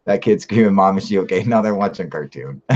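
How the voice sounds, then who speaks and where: A man's voice: low voice, animated, brisk, a little mellow, dull audio. A man hosting a live stream, reading viewer comments and answering in a rambling, emphatic, profane way. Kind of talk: casual live-stream chat.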